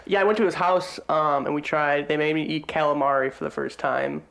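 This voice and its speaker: A young man co-hosting a podcast, talking in an excitable, sweary, casual way. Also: a little high, vocal fry, a little hiss or hum. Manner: fast, excitable, swears often. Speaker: podcast co-host. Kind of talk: casual chat.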